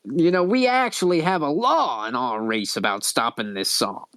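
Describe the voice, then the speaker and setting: A man voicing a proud alien woman leader in a raspy voice for a tabletop role-playing game, weary and indignant. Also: medium pitch, moderate pace, a bit bright, dry recording, clean studio sound, lightly acted.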